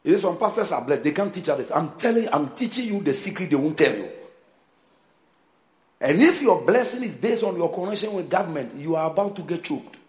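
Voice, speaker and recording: A pastor preaching with lively, swooping intonation and a slightly high voice. He hammers his points with repetition and calls on the congregation to answer him. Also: a little fast. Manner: emphatic preaching with call-and-response and repeated phrases. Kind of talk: sermon.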